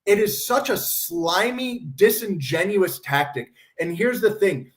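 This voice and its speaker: A man's voice: high voice, lively intonation, a little slow. A man hosting a commentary stream, ranting sarcastically and mocking others in put-on quotes. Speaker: podcast host.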